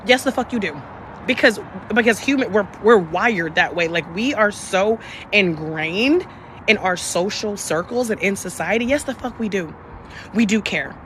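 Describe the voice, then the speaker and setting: A woman's voice: mid-range voice, lively intonation, a little slow, slight background noise. A young woman hosting a live stream, talking candidly and passionately with plenty of profanity. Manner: candid and profane, emphatic, shifts between passion and softness. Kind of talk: casual live-stream talk.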